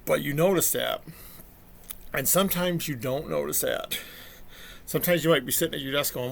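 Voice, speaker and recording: Middle aged guy just rambling on, kinda gravelly, does little voices for what people said. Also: mid-range voice, steady tone, fast, a bit bright. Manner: chatty storyteller, acts out quotes. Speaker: vlogger. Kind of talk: casual rambling monologue.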